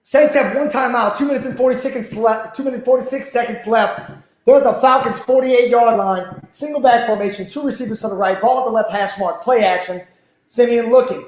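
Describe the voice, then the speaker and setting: Hoarse, high-voiced man yelling play-by-play. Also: brisk. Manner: yells hype often, rambles between plays. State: hoarse, losing his voice. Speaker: livestream host. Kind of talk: excited fan play-by-play commentary. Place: indoors at home. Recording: very echoey room.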